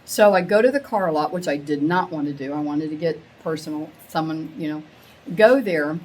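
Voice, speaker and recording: A middle-aged woman telling a rambling, excitable story to a small live group, acting out the quotes with big jumps in her voice. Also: low voice, normal speed, slight background noise, rough recording. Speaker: meetup attendee sharing a story. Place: women's meetup gathering, audience laughing.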